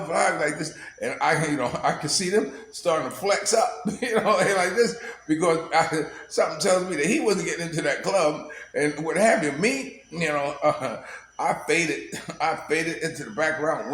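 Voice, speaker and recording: A man vlogs a casual storytelling monologue, rambling loosely, laughing often, and sprinkling in plenty of "you know." His voice is a little high and a bit bright, and he speaks at a moderate pace. The room is echoey, with faint background noise.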